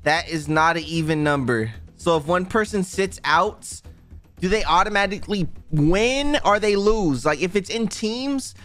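Brief: bright, slow-talking excitable gamer guy narrating play, light music behind. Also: sits high. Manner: excitable, repeats himself, talks straight to viewers. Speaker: gaming YouTuber. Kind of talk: casual gaming commentary.

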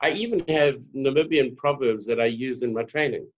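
A man's voice: mid-range voice, fairly quick. A man from South Africa, a diversity trainer, telling stories in casual conversation and acting out the dialogue in his anecdotes. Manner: animated, acts out dialogue in voices. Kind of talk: conversational storytelling. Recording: dull lo-fi recording.

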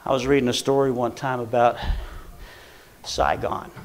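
A man preaching a Pentecostal sermon in church, swinging from hushed storytelling to fervent shouting. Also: medium pitch, flat delivery, moderate pace, a little hiss or hum.

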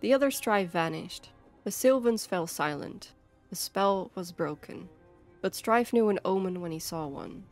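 A woman narrates a fantasy short story with measured, expressive pacing. Her voice sits at a middling pitch, with faint music behind her. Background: faint background music.

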